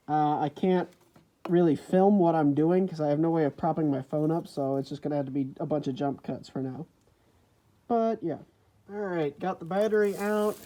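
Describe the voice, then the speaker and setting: A man's voice: sits high, mellow. A man vlogging about fixing an old tractor, his voice muffled by a face mask, rambling with unsure asides and self-corrections, recorded on a phone in a farm building. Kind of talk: casual talk to camera. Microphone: phone camera.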